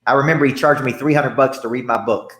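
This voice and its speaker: A man of ordinary pitch tells stories with emphatic energy, repeating himself and tagging "right?" onto his points. His voice rings in an echoey room. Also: steady tone, fast talker, fairly bright tone, slight background noise. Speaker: business coach, guest. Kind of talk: energetic anecdotal storytelling.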